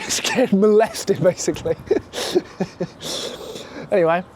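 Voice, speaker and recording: A young man casually telling a profane, animated story and acting out the other voices in it. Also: fairly high pitch, fast, slight background noise.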